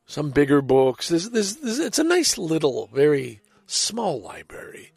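A man's voice: a little high, huge pitch swings, a little slow, creaky, a little mellow, slightly rough, dry recording. A man chatting casually and rambling about his books, breaking off to read poems aloud with feeling. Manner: rambling, self-interrupting, enthusiastic; reads poems aloud expressively. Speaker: vlogger sharing books and poems. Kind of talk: casual rambling talk with poetry readings.

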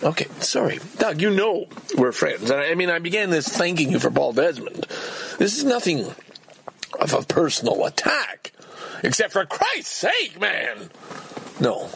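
A middle-aged man hosting a solo podcast, ranting excitably and then poking fun at himself. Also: on the high side, moderate pace, vocal fry, breathy edge. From Canada. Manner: excitable, ranting, self-deprecating.

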